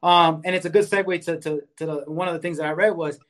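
In a fairly even, slightly high and somewhat bright voice, a man talks fast while co-hosting a casual chat about anger. His advice comes across earnestly, punctuated by "right?" and "you know," and he enjoys exercise and speaks about fitness.

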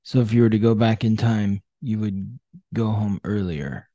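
A man hosting a podcast, chatting casually and asking gentle, attentive questions. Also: fairly low pitch, moderate pace, no echo. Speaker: podcast host and astrologer. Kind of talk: casual chat.

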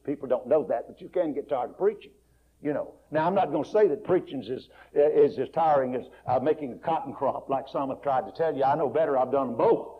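A male preacher retelling a story in a folksy, dramatic sermon, swinging between soft, quiet passages and loud, raised ones. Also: mid-range voice, slightly rough. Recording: muffled lo-fi recording.

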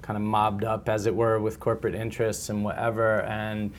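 A man's voice: on the low side, completely flat delivery, brisk, a little hiss or hum. A man interviewing an author, speaking reflectively and hedging his points with frequent fillers. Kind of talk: casual conversation.

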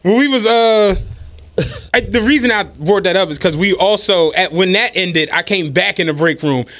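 A young man co-hosting a casual podcast, his voice sitting very high and sounding bright and sharp. He tells his stories in an animated, profane way and laughs his way through them. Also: moderate pace. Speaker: podcast co-host. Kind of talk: casual chat, comic storytelling.

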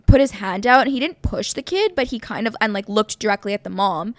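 A young woman co-hosting a podcast, telling stories in a casual, animated way with frequent "like". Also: mid-range voice, brisk, dry recording. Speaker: podcast co-host. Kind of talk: casual chat.

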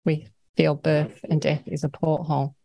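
A woman's voice: low voice, little pitch movement, normal speed, creaky, dark tone. An Australian woman, a guest in an interview, talking earnestly and at length about her experiences, often laughing between thoughts. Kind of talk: conversational interview.

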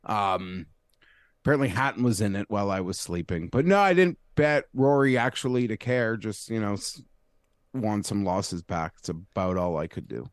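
A man's voice: lowish voice, moderate pace, no room sound, clean studio sound. A man co-hosting a podcast in casual, rambling chat. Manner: rambling, full of "like" and restarts. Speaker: podcast co-host.

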